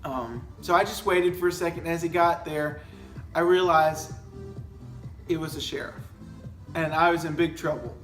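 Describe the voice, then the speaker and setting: A sheepish, laid-back young man recounts a story in a casual chat, his voice mid-pitched. The room rings with echo, and faint music plays underneath. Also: moderate pace, long pauses, fairly bright tone. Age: young adult. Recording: echoey room with music behind.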